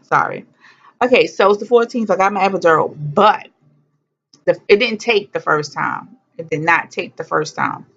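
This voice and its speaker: Animated woman telling a blunt story. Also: on the low side, moderate pace. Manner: animated, blunt, swears freely, acts out quotes. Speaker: vlogger. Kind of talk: casual storytelling to camera. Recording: dull lo-fi sound.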